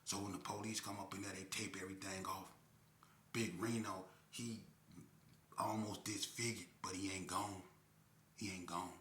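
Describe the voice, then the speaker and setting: A man telling a crime story in a casual, animated way, adding sound effects and slang. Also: low voice, normal speed, a little hiss or hum. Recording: echoey room.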